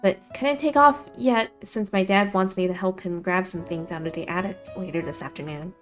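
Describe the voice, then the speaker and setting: A woman's voice: lowish voice, moderate pace, soft background music, close to an everyday voice. A woman reading a visual novel aloud, voicing a shy young woman with a dry, teasing wit and sheepish manner. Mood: matter-of-fact.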